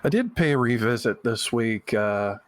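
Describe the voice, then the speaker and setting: A man's voice: medium pitch, lively intonation, moderate pace, no echo. A man co-hosting a gaming podcast, talking eagerly in a rambling casual way. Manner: enthusiastic, rambling with fillers. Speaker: podcast co-host. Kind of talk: casual chat.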